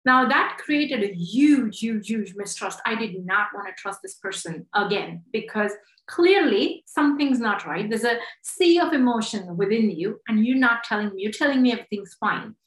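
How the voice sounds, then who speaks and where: A woman's voice: mid-range voice, expressive, normal speed, roomy sound, rough recording. A woman speaking as a webinar guest, frank and emphatic, with vivid examples. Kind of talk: candid webinar talk.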